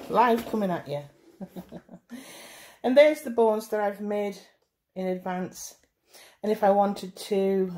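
A woman's voice: lowish voice, darkish tone. A woman hosting a casual baking tutorial, chatty and self-deprecating, often dropping to a murmur as she works. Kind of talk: casual hands-on demonstration.

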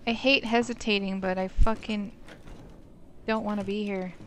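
A woman's voice: mid-range voice, fairly even intonation, normal speed, a bit bright, slight background noise. A young woman commenting on a horror game as she plays, swearing freely and shrieking when startled. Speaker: let's play gamer. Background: game music.

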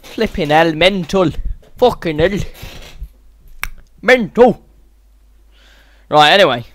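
A man's voice: a little high, expressive, normal speed, fairly bright tone. A man giving sweary, exasperated running commentary over a video game as a gaming channel host. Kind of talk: let's-play game commentary.

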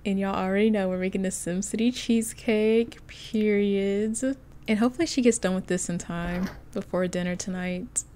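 A chatty woman giving casual commentary as she plays a life-sim game. She talks excitably, gushing over what she sees, and breaks into laughs often. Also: mid-range voice, normal speed. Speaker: let's play host.

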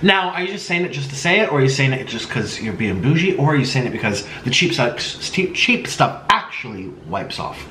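A man's voice: mid-range voice, big pitch swings, fairly quick, hardly any pauses, sharp tone. A man chatting casually and playfully while eating, with lots of laughs. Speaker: channel host. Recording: roomy echo, faint noise.

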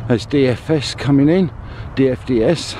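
A man vlogs for his family channel as he walks and climbs outside, in town and on the clifftops, making casual conversation and joking about running out of breath. His voice is medium-pitched and mellow at a moderate pace, with slight background noise.

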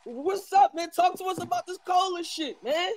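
High-voiced guy hosting a live chat, easygoing. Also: normal speed. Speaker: host. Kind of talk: casual livestream chat.

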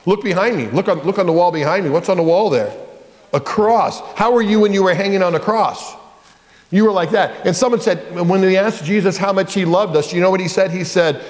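A man's voice: a little high, darkish tone. A male pastor leading a children's lesson in a church, coaxing the children to repeat lines after him in call-and-response. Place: church sanctuary. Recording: church hall reverb.

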